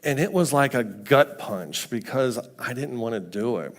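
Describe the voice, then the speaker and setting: A man giving a casual, conversational testimony sermon in a church, slipping into quoted voices with sudden pitch jumps. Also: lively intonation, normal speed. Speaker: mission team member speaking at church. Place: church sanctuary.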